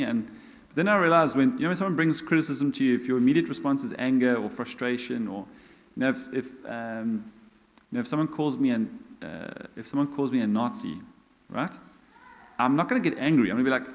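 South African preacher in reverberant church. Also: male voice, mid-range voice, expressive, quick pace. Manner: conversational, self-mocking humor. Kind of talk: sermon. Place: church hall. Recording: long church hall reverb.

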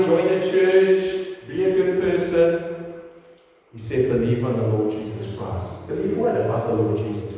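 Man, pastor, sermon, earnest, mellow, slightly high voice, distant mic, echoey hall. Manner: earnest preaching, addressing a congregation. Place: church.

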